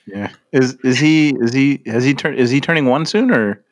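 A man co-hosting a podcast in casual chat, halting and repeating words as he thinks. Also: mid-range voice. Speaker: podcast co-host.

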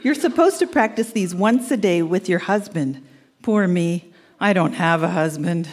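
Standing centre stage at a live event, a Canadian woman in her sixties reads her old love letters aloud, teasing and laughing her way through them. Her voice is on the low side and darkish, with lively intonation at a normal pace.

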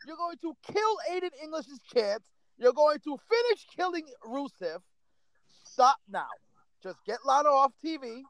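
A man's voice: very high voice, very animated, a little slow, a bit bright, no echo, rough recording. A man co-hosting a wrestling podcast, ranting in an exasperated, profane, pleading way. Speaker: podcast co-host. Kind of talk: casual wrestling podcast rant.

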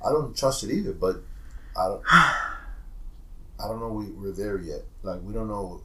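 A man in casual chat, speaking in a measured, hesitant way. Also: fairly low pitch, bright, forceful tone, distant mic. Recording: roomy, off-mic.

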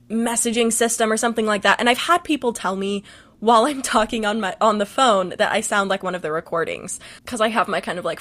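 High-voiced woman telling a story. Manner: animated storyteller, laughs often. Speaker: podcast co-host. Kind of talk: casual chat and story recap.

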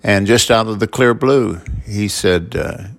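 Older grandfather type, very deep gravelly voice, halting and unhurried. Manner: unhurried storytelling with many "uh"s. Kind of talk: casual conversation.

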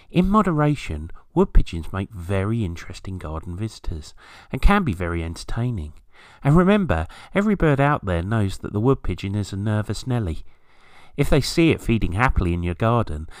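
A man's voice: fairly low pitch, big pitch swings, a little fast, dry recording. A man from Britain hosting a scripted garden-bird podcast, with a wry, storytelling manner and playful asides. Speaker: podcast host. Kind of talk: scripted nature podcast narration.

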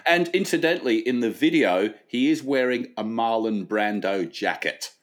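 A man co-hosting a comedic podcast, reacting quickly with playful teasing. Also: medium pitch, expressive. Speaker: podcast co-host. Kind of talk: comedic casual chat.

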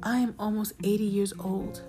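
A woman's voice: medium pitch, fairly even intonation, normal speed, warm tone, faint music behind, natural voice. A woman voicing her anxious elderly aunt, nearly eighty, who speaks in a worried, insistent, downcast way.

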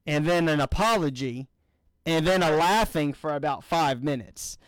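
A man's voice: a little high, a little slow, clear, resonant tone, dry recording. A man from Louisiana, a church minister hosting a session, chatting and joking with restarts. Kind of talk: casual talk leading a church session.

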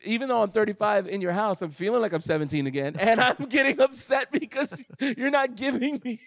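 A man in his thirties telling lively stories in casual chat, laughing often as a co-host. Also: high-pitched, a little fast, gravelly, no echo. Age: 30s. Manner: animated storyteller, laughs often.

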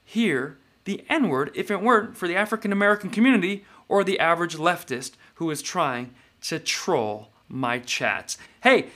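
A man's voice: a little high, lively intonation, moderate pace, few pauses, bright, forceful tone. A man hosting a live-stream show, talking to viewers in an emphatic, opinionated way.

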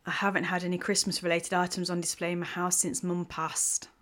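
A woman's voice: lowish voice, level tone, a little fast, fairly bright tone, close to an everyday voice. A woman voicing a young woman in a storybook romance, exasperated at first and sad underneath. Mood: weary. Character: young woman, frustrated then tender.

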